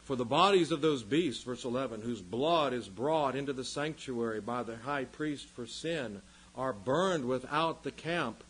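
Impassioned husky-voiced male preacher. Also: medium pitch, measured pace, rough recording. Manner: impassioned, swings from loud emphasis to quiet. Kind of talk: sermon.

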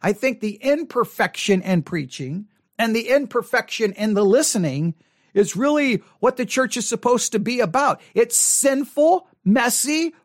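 A man's voice: very high-pitched, no room sound. A man, a pastor, talking earnestly to the camera from a studio and thinking aloud with many restarts. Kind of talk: reflective monologue to camera.

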